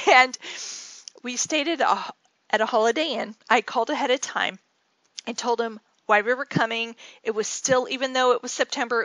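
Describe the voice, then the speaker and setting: A rambling, chatty woman tells a story and explains her craft steps in a casual way. Her voice sits a little higher than most, and the recording is close and dry with no room sound. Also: sharp tone, no room sound. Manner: chatty, rambling, with many fillers and restarts. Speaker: scrapbooking channel host.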